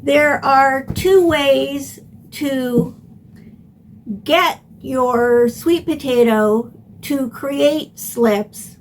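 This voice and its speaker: An older woman hosting a home gardening lesson, explaining step by step in a plain, unhurried way. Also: on the high side. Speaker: gardening channel host. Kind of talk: instructional gardening video.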